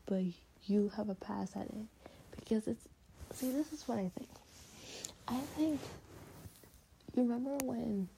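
A woman rants about a reality show in a hushed, half-whispered voice, trying not to wake the dogs asleep beside her in bed. Her voice is low and dark with a gravelly fry. She talks slowly, with heat in her words. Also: rough recording. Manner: half-whispered, heated ranting. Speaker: vlogger reacting to a reality show. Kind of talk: hushed late-night commentary.

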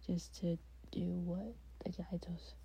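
A woman giving heated, half-whispered commentary late at night in her bedroom, keeping quiet so she won't wake her sleeping dogs. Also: on the low side, fairly even intonation, slow pace, breathy edge, low-quality recording. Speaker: vlogger reacting to a reality show.

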